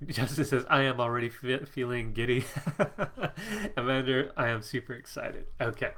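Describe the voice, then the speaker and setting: Middle-aged male host at his home desk, a bit congested; casual, chatty, bright, laughs easily. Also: mid-range voice, moderate pace. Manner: chatty, reads out viewer comments, laughs often. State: congested from allergies. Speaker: psychic coach hosting a live stream. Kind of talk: casual live-stream chat. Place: home office.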